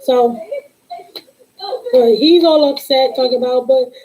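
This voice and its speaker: High-voiced sassy woman telling a story. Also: moderate pace, poor audio. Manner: sassy, animated, quotes people in exchanges. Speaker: tarot reader and live-stream host. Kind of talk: casual live-stream storytelling to viewers.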